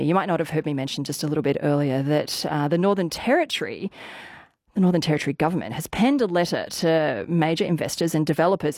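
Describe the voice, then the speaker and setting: A woman hosts breakfast radio, talking in a chatty, casual way while still out of breath. Her voice sits a little low, and the studio mic sounds close and dry. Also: darkish tone, dry recording. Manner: chatty, conversational, self-deprecating. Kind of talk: live radio presenting. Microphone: studio microphone.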